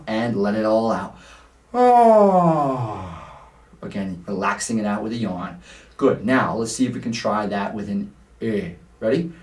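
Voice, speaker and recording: A man teaching a singing lesson, explaining vowels patiently and singing short vowel examples. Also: mid-range voice. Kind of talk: vocal lesson. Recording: roomy sound, mic at a distance.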